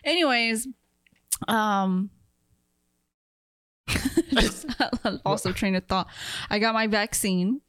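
A woman's voice: mid-range voice, slow pace, pauses often, a bit bright, no echo. A woman co-hosting a podcast in casual banter, dry and teasing, laughing often. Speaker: podcast co-host.

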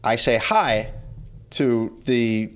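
A man's voice: medium pitch, drawn-out words. A man co-hosting a podcast in casual chat, telling stories with wry, exaggerated asides. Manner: wry storytelling, mock-exaggerated greetings. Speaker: podcast co-host.

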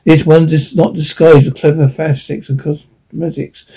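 A composed steel robot that speaks without emotion and gives firm, level orders, played by a male narrator in a mellow, fairly high voice. Part of a sci-fi audiobook reading. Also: little pitch movement, normal speed, gravelly, slightly rough. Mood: cool command. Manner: cool, unemotional, commanding.

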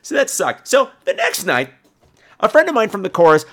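A man's voice: sits high, sing-song, normal speed, a bit bright. A man hosting a podcast, telling a profane, theatrical comic story. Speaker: podcast host.

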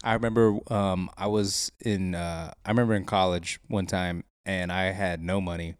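Young man, podcast co-host, low voice, dry close-mic room, loose rambling delivery. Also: steady tone, normal speed, clear, resonant tone, no room sound. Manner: rambling storyteller, laughs often. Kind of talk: casual crude chat.

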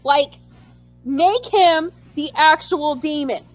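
Brief: woman co-host, very high and lively pitch, excitable storyteller, dry close mic. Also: slow, no echo, soft background music, rough recording. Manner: animated, acts out her own reactions in a squealing voice. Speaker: podcast co-host. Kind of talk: casual chat.

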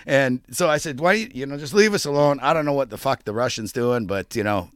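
A man's voice: mid-range voice, fairly quick, clear, resonant tone, no room sound, clean studio sound. A man co-hosting a casual podcast, telling a rowdy travel story with lots of swearing and acted-out voices. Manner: profane, animated storyteller acting out voices. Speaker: podcast co-host.

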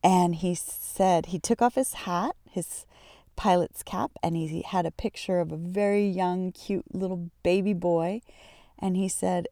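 A woman's voice: on the low side, steady tone, a little slow, vocal fry, mellow, no echo, studio quality. A woman, hosting a podcast and telling a personal story in a reflective way, often searching for words. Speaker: podcast host.

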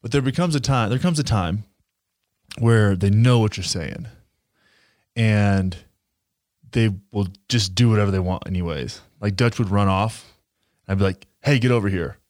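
A man with a fairly low voice chats as a podcast co-host, drifting through loose anecdotes and dropping swear words freely. His voice sounds close and dry, with no room around it. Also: normal speed, long pauses, a little mellow, no room sound. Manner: rambling, profane storytelling. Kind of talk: casual chat.

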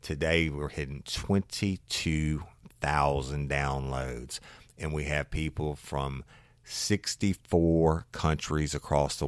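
A podcast host with an extremely deep, low voice. He tells a true-crime story in a folksy, rambling, enthusiastic way. His voice sounds dry and close to the mic. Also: dry recording. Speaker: podcast host, former detective.

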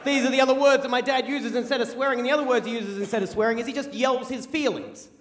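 Fast-talking Australian man telling a story. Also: extremely high pitch, very noisy. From rural South Australia. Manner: animated, comic, quick with repeated phrases. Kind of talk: live personal storytelling on stage. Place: theater stage before a live audience. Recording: long hall reverb from a live venue.

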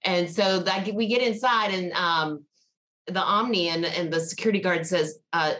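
A woman's voice: on the low side, normal speed, sharp tone. A woman from Georgia with a Southern accent, a podcast guest chatting casually and telling stories with frequent laughs. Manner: chatty storyteller, laughs often. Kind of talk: casual interview chat.

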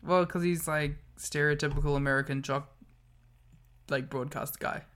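A man's voice: fairly high pitch, steady tone, moderate pace, a bit bright. A man co-hosting a podcast, chatting casually about wrestling, joking and swearing often. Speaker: podcast co-host. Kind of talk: casual wrestling recap chat.

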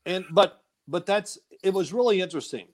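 A man, a former quarterback, telling stories as a guest in an animated, laughing way and acting out quotes. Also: sits high, a little fast. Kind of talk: casual phone-in storytelling.

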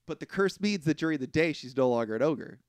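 Lively man recapping a movie. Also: on the high side, quick pace, no room sound. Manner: animated storyteller, acting out quotes, laughing often. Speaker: podcast co-host. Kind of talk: casual movie recap chat.

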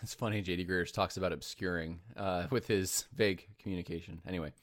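Halting low-voiced man commenting. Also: steady tone. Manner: halting, many restarts and fillers. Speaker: commentator reacting to a sermon clip. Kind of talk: casual commentary.

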